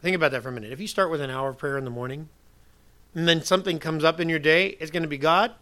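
A man preaching a sermon as pastor, emphatic, moving from soft asides to loud declarations. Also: a little high, rapid-fire.

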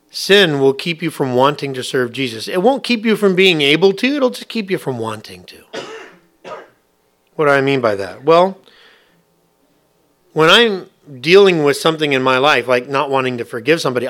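A man's voice: fairly high pitch, fairly bright tone. A man preaching a sermon, asking his listeners question after question in a conversational way. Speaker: pastor.

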